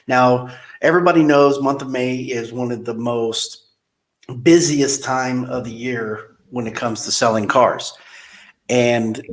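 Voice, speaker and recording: Man, car dealership manager, animated storyteller, average pitch, echoey room. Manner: animated, acts out quoted people. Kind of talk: casual interview storytelling.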